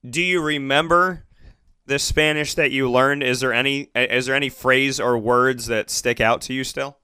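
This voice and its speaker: A man's voice: mid-range voice, fairly even intonation, moderate pace, sharp tone, clear, resonant tone, no room sound. A man interviewing a basketball player in a casual, playful way, laughing often.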